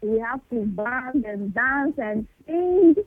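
A woman with a Nigerian accent calling into a radio show, speaking softly with a giggle. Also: a little high, animated, slow pace. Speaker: caller. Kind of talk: phone-in chat. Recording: tinny phone line.

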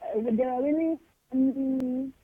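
A woman with a Nigerian accent calling into a radio show, speaking softly with a giggle. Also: high voice, slow, slightly rough, no room sound. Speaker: caller. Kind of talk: phone-in chat. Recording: tinny phone line.

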